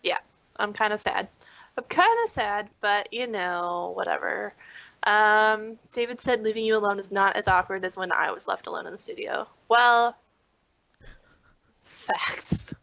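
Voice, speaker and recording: A woman's voice: medium pitch, fairly even intonation, measured pace, creaky, pushed and bright, no echo, muffled recording. A woman co-hosting a live stream over a video call, easygoing and teasing. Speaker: co-host. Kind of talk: casual live-stream chat.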